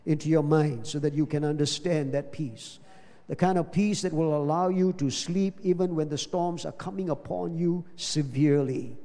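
A man preaches a sermon, often pausing to ask his congregation rhetorical questions. His voice sits high, with a mellow, relaxed tone. A long reverb trails each phrase around the hall. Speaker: pastor.

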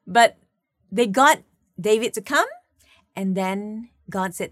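A woman with a Malaysian English accent preaching a sermon, telling stories in an animated way with playful asides. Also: mid-range voice, measured pace, dry recording, clean studio sound.

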